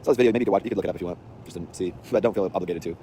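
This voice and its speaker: A man's voice: low voice, racing, mellow, a little hiss or hum. Sped-up rambling man on the street. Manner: rambling and offhand, with slang and restarts. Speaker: vlogger. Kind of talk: casual rambling storytelling. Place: outdoors on a city street.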